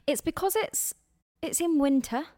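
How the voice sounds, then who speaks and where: Chatty young woman, bright pitch. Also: animated, measured pace, no room sound, clean studio sound. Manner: chatty, exclaims and laughs a lot. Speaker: podcast co-host. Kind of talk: casual chat.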